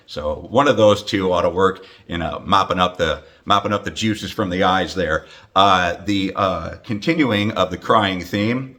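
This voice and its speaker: Speaking to camera for a greeting video, a US hockey announcer in his fifties jokes around and teases, full of asides and filler words. His low voice sounds pushed and bright.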